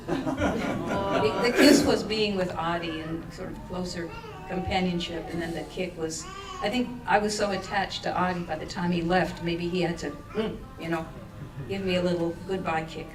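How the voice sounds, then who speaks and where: A woman's voice: fairly low pitch, normal speed. A woman from India telling a personal anecdote to a group of friends in a chatty way, laughing often and using many fillers. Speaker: storyteller at a gathering of friends. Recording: echoey room, recorded from a distance.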